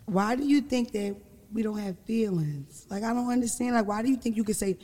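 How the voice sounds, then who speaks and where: A woman with a deep, raspy voice, talking loudly and bluntly in a casual chat, swearing freely and telling animated stories. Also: a little fast, long reverb tail.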